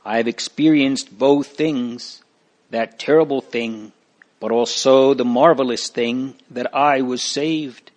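A timid rescued man speaks with a trembling, hesitant voice, read by a man. The storybook delivery stays slow and plain. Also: medium pitch, steady tone, close to an everyday voice. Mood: shaken.

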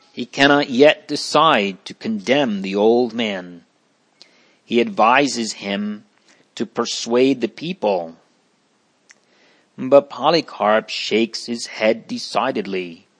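A man reading a religious story aloud in an earnest way, turning to ask his listeners questions. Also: medium pitch.

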